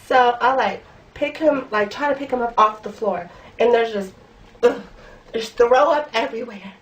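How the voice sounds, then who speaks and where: A woman's voice: on the high side, normal speed. A young woman vlogger telling a blunt, profane story in casual slang, recorded in her room. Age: young adult. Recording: voice a bit far from the mic.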